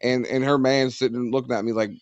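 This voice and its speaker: A man's voice: mid-range voice, flat delivery, fast talker, clear, resonant tone, dry recording, dull audio. A man in casual chat on a podcast, telling stories with many restarts and repeated words. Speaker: podcast guest.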